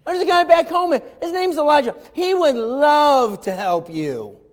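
A woman's voice: high-pitched, unhurried, voice pushed up. A man doing a gushing little servant girl. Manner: excited, breathless chatter.

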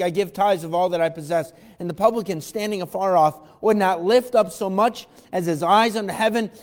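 A man preaching an evening sermon in a church, fervently reading scripture aloud and asking the congregation direct questions. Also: sits high. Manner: reads scripture aloud in King James wording. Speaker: pastor. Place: church sanctuary. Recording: long reverb of a large hall.

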